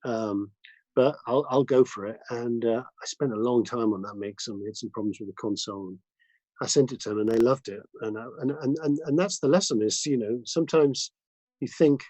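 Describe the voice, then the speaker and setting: A man, a mixing engineer, telling studio anecdotes as a guest in a casual interview, lively and full of restarts. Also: mid-range voice, brisk, no room sound, low-quality recording. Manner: animated anecdotes with many restarts and fillers.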